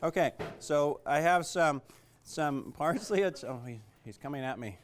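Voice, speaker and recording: A man's voice: fairly high pitch, expressive, unhurried, slight background noise. A man teaching a cooking class in a kitchen, chatty and joking, with lots of fillers. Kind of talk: casual cooking demonstration.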